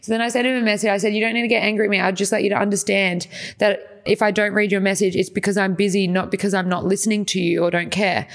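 A woman's voice: medium pitch, little pitch movement, fast. Young woman, podcast co-host, rambling casual chat, lots of filler words, swears freely.

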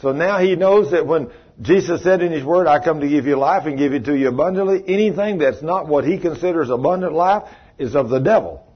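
A man preaching a sermon, telling a story in a folksy, animated way and acting out the voices in it. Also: fairly high pitch, fairly quick, husky. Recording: dull lo-fi sermon recording.

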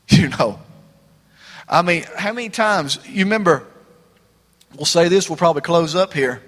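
Male preacher, conversational sermon style with dramatic slowdowns, somewhat raised pitch, in a reverberant church hall. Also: fairly bright tone. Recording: long reverb of a large hall.

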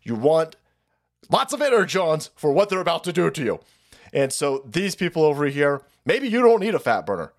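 A man ranting on his live stream, swearing freely and dripping with sarcasm. His voice sits fairly high for a man and swings wildly up and down as he mocks and riles up his viewers. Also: big pitch swings, normal speed. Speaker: streamer host.

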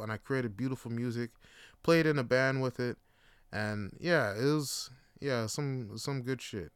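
Here a male podcast host rambles through his stories casually, full of profanity and fillers. He speaks at a moderate pace in a mid-range, clear, resonant voice, recorded studio-quality without echo.

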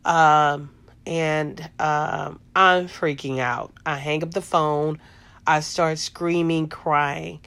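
A woman's voice: sits low, fairly even intonation, drawn-out words, a bit bright, clear, resonant tone. A middle-aged woman hosting a podcast, telling a personal story in a casual, rambling way with lots of fillers. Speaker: podcast host.

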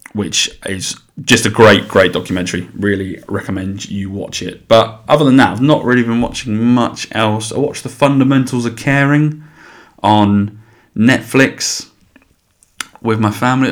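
A man's voice: on the low side, fairly bright tone. A young man with an English accent, hosting a solo podcast in a casual, rambling monologue. He is chatty and blunt, swears freely, and often restarts his sentences.

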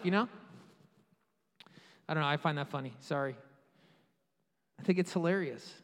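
A man preaching a sermon with passion, rising to loud peaks and dropping to quiet asides. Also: a little high, fairly even intonation, fairly quick. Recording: long hall reverb.

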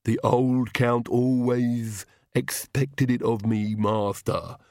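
A man's voice: medium pitch, steady tone, takes it slowly, a little mellow, dry recording, clean studio sound. A man voicing an obsequious male castle servant with a lisp in an audiobook. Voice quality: lisping.

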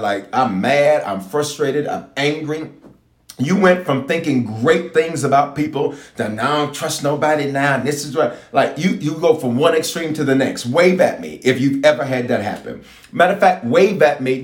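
A man preaching in a mid-range voice, a bishop leading prayer for viewers online. He keeps asking them to type and wave, and he repeats his key phrases. The room gives his voice a clear echo. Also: mid-range voice. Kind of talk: livestreamed prayer sermon.

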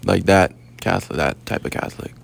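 A man's voice: low voice, a little fast, creaky, a crowd in the background. A young man chatting casually in an interview, rambling with lots of filler words. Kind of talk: casual conversation.

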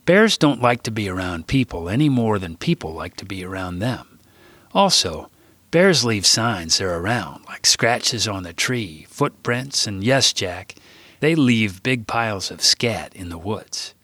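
A man's voice: on the low side, sing-song, fairly bright tone, dry recording, heavily acted. A man doing a stern old grandfather. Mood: explaining. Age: older. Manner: slow, grave lecturing. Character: stern old grandfather warning about bears.

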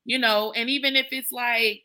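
A woman guesting on a podcast, chatting casually and thinking out loud with frequent restarts. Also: on the high side, fairly even intonation, normal speed. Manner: thoughtful, hesitant, with many restarts and "like". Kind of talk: casual chat.

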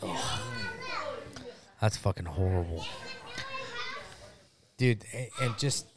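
A man's voice: lowish voice, slow. A man in a rowdy casual podcast chat, blunt, crude and swearing. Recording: loud background noise.

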